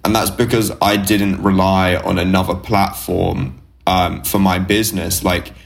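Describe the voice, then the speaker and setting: A man's voice: deep voice, little pitch movement, a little slow, vocal fry. A man from the UK co-hosting a podcast, talking frankly and bluntly with lots of swearing and filler words. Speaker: podcast co-host. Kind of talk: casual chat.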